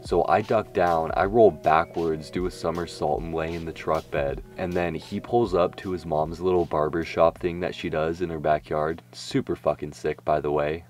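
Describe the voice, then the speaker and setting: A man's voice: sits low, steady tone, moderate pace, hardly any pauses, faint music behind. A young man telling a crude, jokey story in a laid-back, casual way. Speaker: vlogger.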